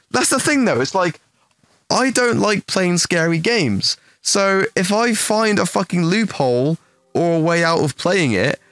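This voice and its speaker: In a clean, dry studio recording, a young man with a high-sitting voice casually spins a profane, meandering tale for his stream. He animates the anecdote by performing the quotes of its characters.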